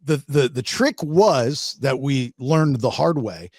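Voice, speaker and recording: A middle-aged man hosting a podcast, telling a fishing story in a casual, animated way with many restarts. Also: medium pitch, takes it slowly, no echo. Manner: animated, restarts a lot, acts out shark growls. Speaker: podcast host.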